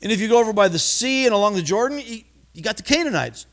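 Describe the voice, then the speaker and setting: Animated male preacher, higher voice. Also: fast. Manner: animated, acts out voices in quotes; stumbles and repeats words. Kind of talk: expository sermon.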